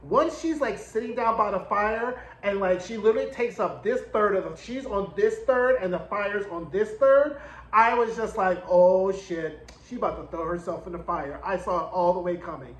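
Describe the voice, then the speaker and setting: A man's voice: high-pitched, animated, normal speed, fairly bright tone. Sassy, cussing man recapping a show, roomy sound. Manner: sassy, profane, blunt running commentary. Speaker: TV recap reviewer. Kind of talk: casual recap commentary. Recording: roomy echo.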